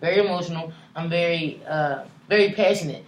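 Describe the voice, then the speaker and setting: A woman co-hosting a casual podcast chat, emphatic and animated, swearing freely. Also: lowish voice, brisk. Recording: echoey room with faint noise.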